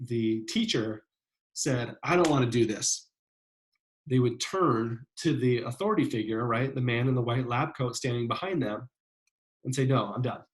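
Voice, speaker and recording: A male lecturer explains a psychology study in a loose, chatty way. He speaks at a middle pitch and keeps checking in with his listeners. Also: rough recording. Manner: conversational, many fillers and "right?" checks. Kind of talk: classroom lecture.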